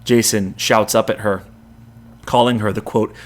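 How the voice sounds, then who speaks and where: A man's voice: on the low side, steady tone, a little slow. A man hosting a podcast, retelling a Greek tragedy in a dramatic storytelling manner. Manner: dramatic storytelling with quoted lines. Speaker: podcast host.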